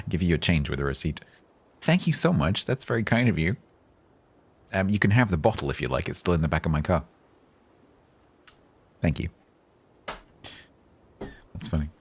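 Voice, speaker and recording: A man chatting calmly on a game livestream, rambling with fillers and restarts. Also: sits low, moderate pace, pauses often, slightly rough. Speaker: game streamer. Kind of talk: casual livestream chat.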